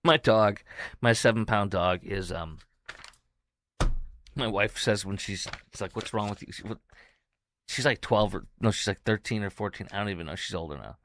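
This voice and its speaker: A middle-aged man hosting his own podcast, telling a story in a rambling way with many restarts, and at times going soft and emotional. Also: on the low side, moderate pace, long pauses, slight background noise. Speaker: podcast host. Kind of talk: casual solo podcast monologue.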